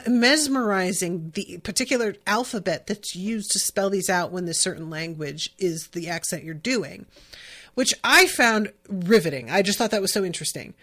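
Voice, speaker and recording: A woman's voice: medium pitch, lively intonation, normal speed, fairly bright tone. A young woman hosts a casual podcast recap. She talks in a loose, rambling way, full of fillers and restarts. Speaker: podcast host.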